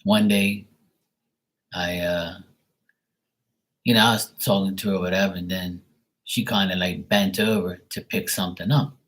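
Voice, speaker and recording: A man with a very low, husky voice talks on his livestream in a loose, rambling way. He is blunt and swears freely as he tells a story and reads out chat. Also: steady tone, moderate pace, long pauses, a bit bright, rough recording. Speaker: livestream host.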